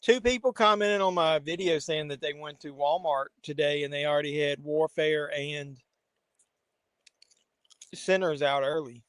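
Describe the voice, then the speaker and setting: A man's voice: on the high side, measured pace, a bit bright, smooth, no echo. A man hosting a casual live watch-along, making wry, joking asides as the film plays. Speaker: host.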